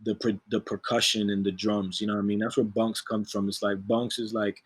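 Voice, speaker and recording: A man, a music producer, talking in a relaxed, slangy way as an interview guest, laughing often. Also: lowish voice, fairly quick, husky. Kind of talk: casual interview chat.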